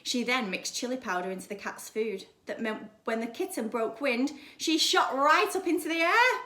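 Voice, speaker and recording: Expressive woman reading to kids, echoey. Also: fairly high pitch. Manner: lively, expressive storytelling with asides. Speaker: primary school teacher. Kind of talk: children's story reading.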